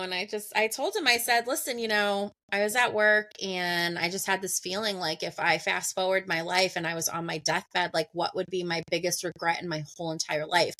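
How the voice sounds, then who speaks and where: A woman's voice: fairly low pitch, pushed and bright, no room sound. Laughing woman telling a story. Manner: laughs often, acts out conversations. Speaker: podcast guest. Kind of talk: casual storytelling.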